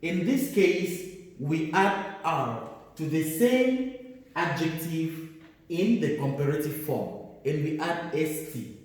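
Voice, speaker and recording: A man teaching an English grammar lesson, speaking slowly, repeating words and stressing single letters. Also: fairly high pitch, expressive, a little mellow. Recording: echoey room, voice from far off.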